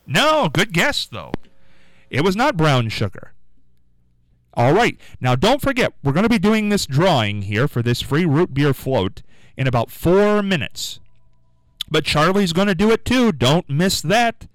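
A man hosting a live radio call-in quiz, with an upbeat, sing-song way of answering callers and a throat going hoarse. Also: high-pitched, unhurried, dry recording, rough recording. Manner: lively, upbeat, sing-song when rejecting guesses. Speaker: radio call-in show host. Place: radio studio.

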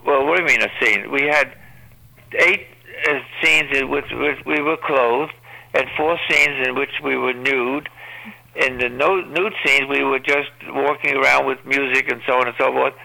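An older man speaks as an interview guest and wanders from one anecdote to the next with plenty of pauses and filler words. His voice is gravelly, with a hard, sharp brightness, and his pitch sits in the middle of the male range. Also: steady tone, low-quality recording. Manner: rambling storyteller, many uh fillers. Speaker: guest actor.

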